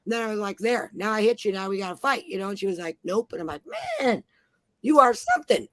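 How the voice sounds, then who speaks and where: A woman's voice: medium pitch, lively intonation, quick pace, no echo. A woman in her forties telling brash, profane stories in a casual chat. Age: 40s. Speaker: panel host.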